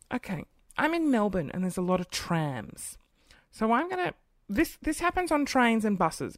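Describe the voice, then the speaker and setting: A thirty-year-old woman hosts a podcast from home by her computer, ranting in an exasperated, casual monologue packed with swearing and acted-out scenes. Her voice is mid-range, and the recording is studio quality with no echo.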